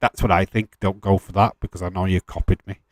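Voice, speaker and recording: A man's voice: sits low, fairly even intonation, fast talker, darkish tone, no room sound. A man hosting a live watch-along stream, chatting casually, answering viewer questions with frequent laughs and the odd swear.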